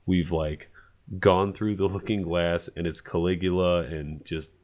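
A man telling a funny story in casual chat, animated and profane, acting out what people said. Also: low voice, measured pace. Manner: animated, profane, acts out quotes.

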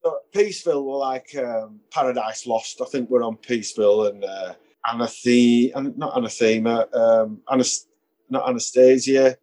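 A man's voice: medium pitch, normal speed, warm tone. A man, a musician guest telling anecdotes in a casual interview, chuckling and acting out the voices of people he quotes.

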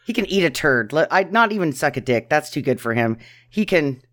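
A woman's voice: low-pitched, very animated, fairly quick. A woman co-hosting a podcast, bluntly crude and dismissive in her opinions. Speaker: podcast co-host. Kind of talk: casual bad-movie commentary.

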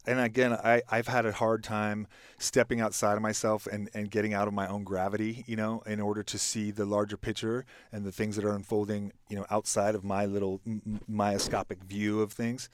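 A man's voice: on the low side, level tone, a little fast, clean tone, dry recording, studio quality. A middle-aged man talking as a podcast guest, telling a reflective story with lots of restarts and fillers. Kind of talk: casual podcast conversation.

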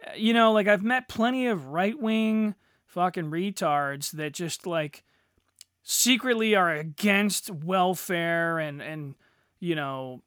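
A man's voice: sits high, slow pace, a bit bright, clean tone, dry recording, clean studio sound. A middle-aged man hosting a solo podcast, ranting crudely and sarcastically with heavy swearing. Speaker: podcast host. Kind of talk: profane solo rant.

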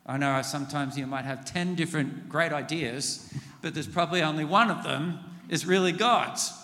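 A man's voice: a little high, moderate pace, pushed and bright. A man preaching a sermon in a church, earnestly leading the congregation through the lines of a prayer. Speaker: pastor. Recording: long hall reverb.

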